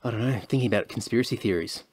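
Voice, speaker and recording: A man's voice: medium pitch, racing, a little mellow, husky, no echo, clean studio sound. A man hosting a podcast, chatting casually and hedging with lots of fillers. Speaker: podcast host. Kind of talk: casual chat.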